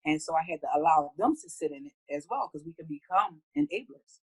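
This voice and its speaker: Low-voiced woman sharing heartfelt stories. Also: animated, brisk, a little mellow, slightly rough, poor audio. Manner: heartfelt, acts out her own conversations in a higher voice. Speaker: guest. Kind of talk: casual interview talk.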